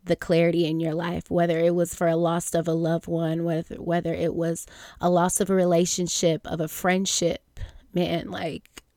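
A young woman hosting a faith podcast, speaking earnestly and haltingly with many fillers and restarts. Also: lowish voice, monotone, dark tone, dry recording, studio quality. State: near tears at times. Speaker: podcast host. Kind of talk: reflective faith podcast monologue.

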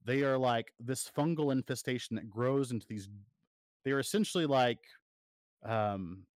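A podcast co-host with a mid-range voice speaks unhurriedly in casual chat, rambling with lots of fillers and restarts. The recording is dry, with clean studio sound.

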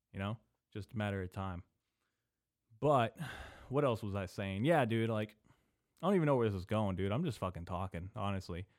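A young man hosting a casual solo podcast, rambling and swearing, drifting between mumbled asides and loud venting into a desk microphone. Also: lowish voice, no echo, studio quality. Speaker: podcast host. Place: small indoor room.

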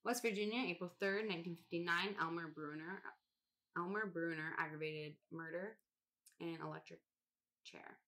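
A woman co-hosting a laid-back podcast with a slightly low voice. She reads a long list aloud in a casual way, swearing now and then and laughing at odd names. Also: normal speed, fairly bright tone. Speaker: podcast co-host.

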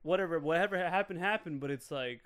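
A man with a slightly high voice talks about a film on a podcast. He is animated and intense, pushes his points hard, and swears casually. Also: quick pace, clean tone. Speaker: podcast co-host.

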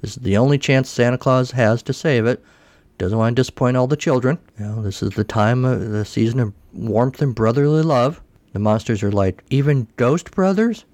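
A man's voice: mid-range voice, a little fast, a little mellow, no echo. Dry-voiced man with wry asides. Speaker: podcast host. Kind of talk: casual recap of a cartoon special.

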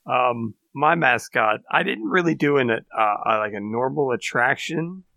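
A man's voice: medium pitch, lively intonation, gravelly, pushed and bright, no echo. A man co-hosting a podcast, speaking casually with some hesitations. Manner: hesitant, halting. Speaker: podcast co-host.

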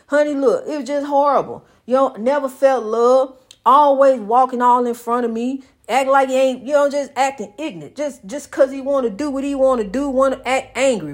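A woman preaching a personal testimony, rhythmic and repetitive, calling the listener honey and building to loud exhortation. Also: high-pitched. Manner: rhythmic, repeats phrases, calls listener honey.

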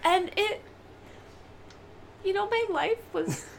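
A woman's voice: very high voice, takes it slowly, vocal fry, slight background noise. A woman co-hosting a casual podcast, telling earnest, rambling anecdotes. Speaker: podcast co-host. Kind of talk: casual chat.

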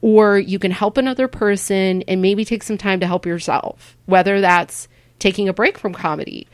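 A woman's voice: medium pitch, moderate pace, no echo. Woman comic guest, candid and rambly, dry close sound. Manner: frank and rambling, acts out quoted voices; swears casually. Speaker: stand-up comedian, guest. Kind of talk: candid conversational interview.

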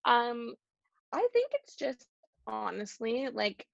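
A woman's voice: on the high side, big pitch swings, takes it slowly, creaky, no room sound, dull audio. A young woman from Canada, a guest chatting casually in an interview, full of "like" fillers. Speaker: guest, YouTuber.

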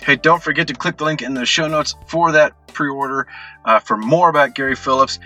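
Podcast host guy doing upbeat outro plugs, bright sound, faint music under. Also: medium pitch, brisk. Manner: upbeat, plugging announcements.

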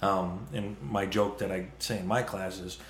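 A man's voice: low-pitched, fairly even intonation, normal speed, echoey room, a little hiss or hum. A man who teaches whip classes, explaining at length with many fillers as a guest on a podcast. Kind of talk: casual podcast interview.

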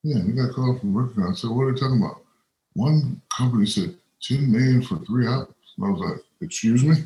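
A man's voice: medium pitch, quick pace, dark tone. A man as an interview guest, telling rambling stories and acting out other people's lines. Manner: rambling anecdotes with quoted voices. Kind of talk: casual storytelling. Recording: roomy echo.

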